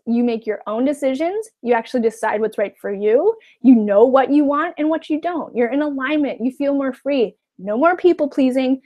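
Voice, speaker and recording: A woman's voice: fairly high pitch, warm tone. A woman life coach giving a webinar talk, encouraging, often checking in with "okay?" and acting out the voices of others.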